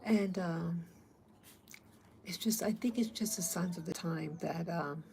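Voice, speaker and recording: Slow gravelly woman vlogger. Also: lowish voice, darkish tone, slight background noise, low-quality recording. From abroad, not from Africa. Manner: rambling, hesitant, many fillers. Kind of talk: casual talk to camera.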